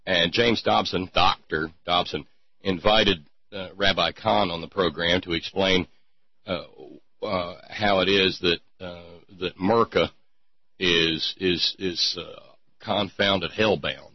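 A man's voice: low voice, fairly even intonation, slow pace, no echo. A man hosting a sarcastic commentary show, rambling with lots of fillers. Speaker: host. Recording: dull lo-fi podcast mic.

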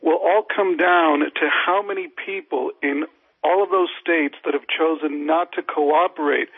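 A man from Florida calling in to a radio talk show and explaining his view at a measured pace. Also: on the high side, steady tone, slightly rough, dry recording. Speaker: caller. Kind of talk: phoned-in call to a radio show. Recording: tinny phone line.

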